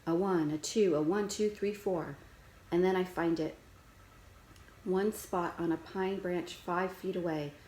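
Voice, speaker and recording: A woman reading a children's chapter book aloud in first person, with steady, gentle storytelling. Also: on the low side, roomy sound, poor audio.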